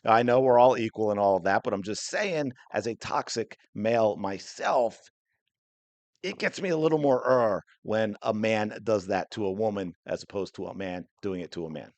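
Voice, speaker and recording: A man's voice: fairly low pitch, normal speed, no room sound. A man hosting a sports podcast, delivering heated, indignant commentary in an angry rant. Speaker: podcast host.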